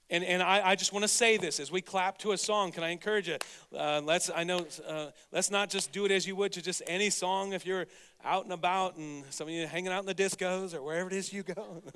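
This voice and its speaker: A man preaching a sermon as pastor, getting over a cold, energetic and exhorting, swinging from loud to hushed. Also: high voice, a little fast, smooth, in a large hall. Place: church sanctuary.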